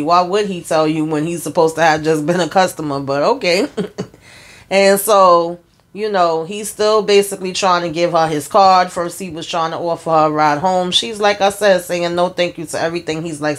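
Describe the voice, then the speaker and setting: A woman's voice: fairly low pitch, fairly even intonation, moderate pace. A woman casually recapping a TV episode scene by scene, in loose, chatty storytelling with wry asides. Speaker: show recap vlogger.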